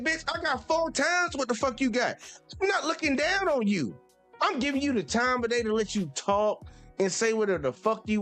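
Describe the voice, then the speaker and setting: A man's voice: sits high, a bit bright. A man hosting a sports channel, ranting heatedly and profanely with speech. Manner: profane, exasperated, repetitive. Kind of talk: heated live-stream rant.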